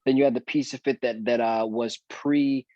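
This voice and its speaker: Man, podcast guest, animated storyteller, dry close sound, muffled lo-fi audio. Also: medium pitch, moderate pace, dry recording. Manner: animated storyteller, acts out quotes. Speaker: guest actor. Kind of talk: casual podcast chat.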